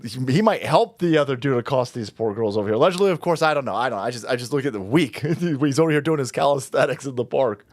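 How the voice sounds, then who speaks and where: A man hosting a commentary video, ranting in a sarcastic, mocking way with loud asides. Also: medium pitch, expressive, fast, few pauses, no echo. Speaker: commentary channel host.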